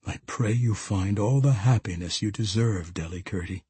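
A man's voice: fairly low pitch, normal speed, mellow, breathy edge, no room sound. A man voicing a grave, remorseful barbarian warrior in a fantasy audiobook, speaking formally and solemnly.

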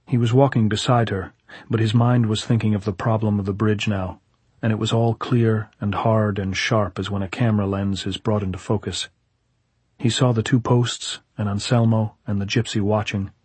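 Husky man narrating an audiobook. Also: lowish voice, dry recording. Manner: measured, steady reading.

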